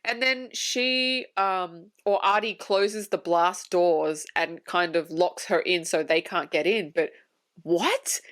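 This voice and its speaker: A woman's voice: lowish voice, slow, a bit bright. A woman co-hosting a podcast, rambling incredulously about a film's plot holes in casual talk. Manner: incredulous, rambling, laughs often. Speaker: podcast co-host. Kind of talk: casual film review chat.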